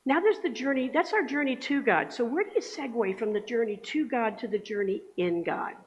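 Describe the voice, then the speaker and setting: Speaking fairly quickly in a fairly high voice, a woman gives the Sunday sermon in a casual, chatty way, often turning to the congregation for agreement. The church sanctuary echoes around her, and the audio comes across dull and lo-fi.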